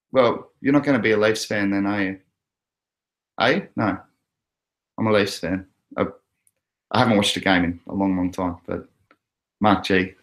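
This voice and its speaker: Reading comments from his audience, an Australian crypto livestreamer keeps the talk casual and loose, with plenty of laughter. His voice sits lowish and sounds fairly bright.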